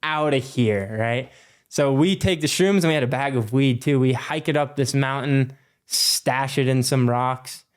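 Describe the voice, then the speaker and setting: A young man in his twenties, a podcast guest telling a story in a loose, animated way with lots of fillers and swearing. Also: mid-range voice, unhurried. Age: 20s. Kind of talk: casual storytelling.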